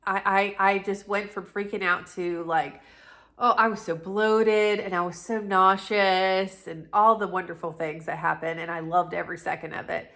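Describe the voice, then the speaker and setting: A woman's voice: medium pitch, steady tone, normal speed, bright, forceful tone. Lady vlogging, chatty, keeps restarting and going off on little asides, middle-aged. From North Carolina, USA. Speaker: lifestyle vlogger. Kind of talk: casual storytelling to camera.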